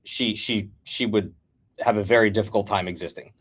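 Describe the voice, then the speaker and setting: A middle-aged American man telling blunt, animated stories as a guest in a casual chat. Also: on the low side, normal speed, husky. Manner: animated storyteller, blunt and combative.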